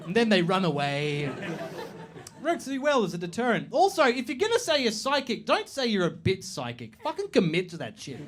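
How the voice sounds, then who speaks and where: A man doing a stand-up comedy set on a club stage, sweary and animated, mocking strangers with quick impressions. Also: sits high.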